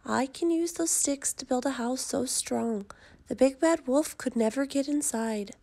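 A woman voicing a proud young male pig who boasts in a high voice. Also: unhurried, vocal fry, dark tone. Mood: boastful.

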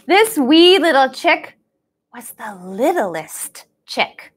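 A woman's voice: sits high, sing-song, takes it slowly. A woman leading a live-streamed baby storytime as a children's librarian, talking sing-song and playful, making animal sounds, heard through a camera across the room.

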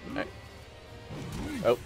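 A man streaming a video game, casually commenting and coaching himself through fights in excitable bursts and mutters. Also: takes it slowly, over music.

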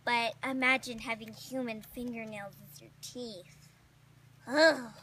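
A woman's voice: on the high side, steady tone, slow pace, pushed and bright, a little hiss or hum, full character voice. A woman playing an eager female flying squirrel teacher at a rodent school, sing-song and encouraging, repeating her praise in an amateur comedic role-play. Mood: instructive.

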